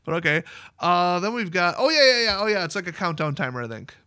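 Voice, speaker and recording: Excitable guy talking card game stuff, kinda high voice, laughs a lot. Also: quick pace, smooth, no echo, studio quality. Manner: excitable, chatty, laughs often. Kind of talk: casual commentary reading previews.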